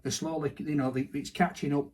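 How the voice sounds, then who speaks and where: A man's voice: fairly high pitch, flat delivery, fairly quick, darkish tone. A man with a broad Barnsley Yorkshire accent, co-hosting a casual chat about sport. He talks in a chatty, self-mocking way, restarting his sentences as he goes. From Yorkshire, England. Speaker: podcast co-host.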